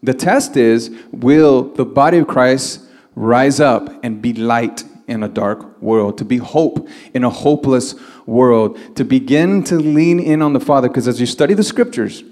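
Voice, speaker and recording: A man's voice: medium pitch, measured pace, a little mellow, big-room sound. A man preaching a sermon as pastor, stretching out key words and building to emphatic, rising lines.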